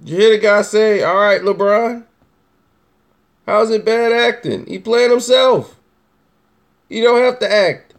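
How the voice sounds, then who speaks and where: A man's voice: high-pitched, measured pace. A man hosting casual opinion commentary, talking emphatically and teasingly, repeating his points. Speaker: host.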